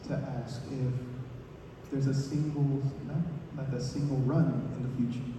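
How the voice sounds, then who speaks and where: A man in the audience asking a hesitant, halting question from far back in a large convention hall. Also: medium pitch, fairly even intonation. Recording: echoey hall, far from mic, noticeable noise.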